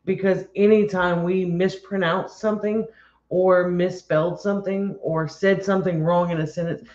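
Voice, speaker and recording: High-voiced chatty man. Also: steady tone, moderate pace, darkish tone. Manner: chatty and joking, laughs easily. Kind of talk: casual chat. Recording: roomy, slightly dull recording.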